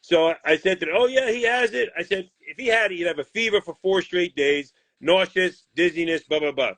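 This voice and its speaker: Blunt, profane boxing manager. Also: male voice, fairly high pitch, brisk, no echo. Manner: profane, blunt, animated retelling with quoted voices. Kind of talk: heated storytelling interview.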